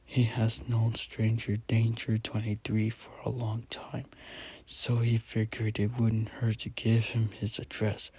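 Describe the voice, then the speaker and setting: A man reading a scary story aloud in a quiet whisper, adding asides and correcting himself. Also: lowish voice, breathy edge, dry recording. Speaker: channel host reading a story.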